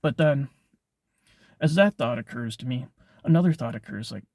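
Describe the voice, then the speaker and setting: A man's voice: medium pitch, expressive, normal speed, a little mellow, no echo, studio quality. A young man casually telling a personal story on his vlog, rambling, with lots of filler words and swearing. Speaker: vlogger.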